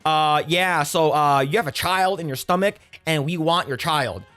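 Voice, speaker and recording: A man's voice: on the high side, moderate pace, pushed and bright, soft background music. A man voicing a giant menacing male cosmic villain who talks in casual, crude slang. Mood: demanding.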